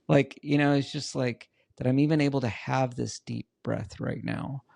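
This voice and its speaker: A middle-aged man talks as a podcast guest, with a gravelly, creaky edge to his voice. He tells his stories earnestly and repeats words for emphasis. The sound is dry and close. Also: mid-range voice, steady tone, unhurried, a little mellow, dry recording. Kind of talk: casual interview chat.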